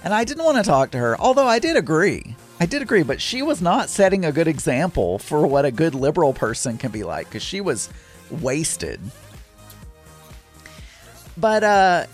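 A man's voice: on the high side, very animated, moderate pace, soft background music. A middle-aged man telling a rambling, chatty story with exasperated asides. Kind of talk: casual storytelling monologue.

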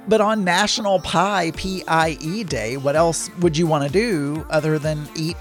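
A man's voice: fairly high pitch, measured pace, soft background music. A middle-aged man hosting his own daily podcast, chatting casually and rambling with self-deprecating asides. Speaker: podcast host.

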